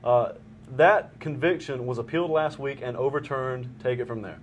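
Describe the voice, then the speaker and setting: A young man hosting a casual talk show, joking and teasing his co-host in a deadpan way. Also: medium pitch, normal speed, slight background noise.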